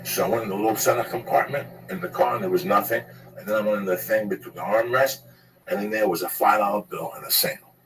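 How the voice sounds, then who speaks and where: A man's voice: on the low side, expressive, fast, recorded from a distance, noisy background. A man telling a rambling, profane story in casual chat, laughing at his own tale.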